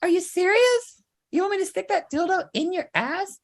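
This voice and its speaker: A man doing a shocked, hesitant wife in a high falsetto. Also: animated, normal speed. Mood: incredulous.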